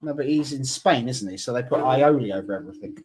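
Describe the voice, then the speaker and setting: A man's voice: mid-range voice, fast talker, darkish tone. A man in his thirties co-hosting a casual live-stream chat, playful and teasing. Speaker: co-host.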